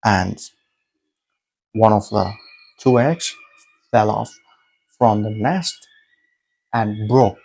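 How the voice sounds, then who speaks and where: A man casually telling a story, halting often, restarting and correcting himself as he goes. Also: lowish voice, creaky, darkish tone, slightly rough, low-quality recording.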